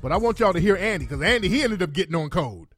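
A man's voice: sits high, expressive, fast talker, fairly bright tone, husky, dry recording, studio quality, faint music behind. A man giving a blunt, heated, profanity-laced reaction commentary as a vlogger.

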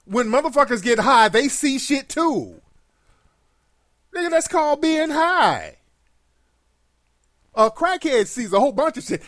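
Sex: male. Role: reaction commentator. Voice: high and very animated. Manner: profane, mocking. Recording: dry, close. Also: a little slow, pauses often, no room sound.

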